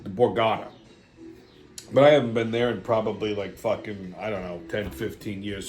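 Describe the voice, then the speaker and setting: A middle-aged man hosting a show, telling a rambling story in a casual, profane and sardonic way, often laughing as he talks. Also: mid-range voice. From New York. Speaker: podcast host.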